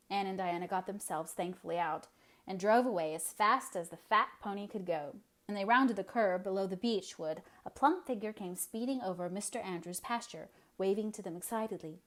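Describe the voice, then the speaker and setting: A woman narrating a classic novel aloud in a steady storytelling voice. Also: mid-range voice, normal speed. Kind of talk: audiobook reading of a classic novel.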